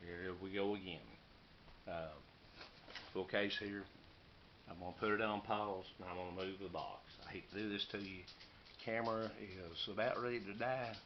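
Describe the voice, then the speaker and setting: A man, rambling casually and hurrying through his unboxing vlog. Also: deep voice. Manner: folksy, rambling, hurried. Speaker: YouTuber showing knives and meal kits. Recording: muffled lo-fi camera audio with noise.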